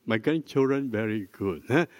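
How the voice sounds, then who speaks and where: An older man, a pastor, preaching a sermon in a slow, deliberate teaching manner, prompting the congregation with questions. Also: medium pitch, animated. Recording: dry close mic with long hall reverb.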